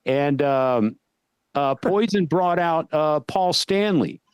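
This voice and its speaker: A man hosting a podcast, chatting casually and telling a long, lively story before asking his guest a question. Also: fairly high pitch, slow, clear, resonant tone, no echo. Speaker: podcast host. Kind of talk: casual interview chat.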